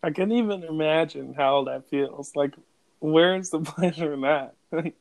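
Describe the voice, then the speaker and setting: A man's voice: on the high side, measured pace, creaky, darkish tone, no room sound. A young man co-hosting a podcast, joking and laughing as he retells movie scenes and quotes lines in casual chat. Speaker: podcast co-host.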